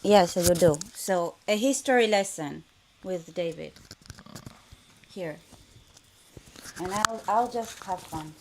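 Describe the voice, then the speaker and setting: A woman's voice: on the low side, takes it slowly, long pauses, heavy background noise. A young woman hosting a casual snack-tasting vlog, chatty and giggly, talking while she eats. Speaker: vlogger host.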